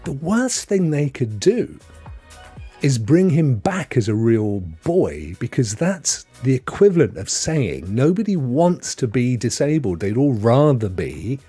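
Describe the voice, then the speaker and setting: A British man chats on a home live stream, rambling from one point to the next. His voice is slightly husky and swings widely in pitch. Faint music plays behind him. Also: big pitch swings, measured pace, warm tone. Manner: chatty, rambling, reads chat aloud, laughs often. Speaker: gaming show host. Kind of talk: casual live-stream chat.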